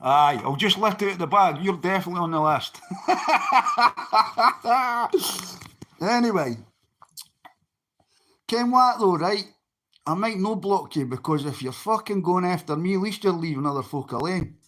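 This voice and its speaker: A man's voice: high-pitched, animated, unhurried, pauses often, pushed and bright. A Scottish man on a livestream, talking bluntly and swearing often as he answers people in his chat.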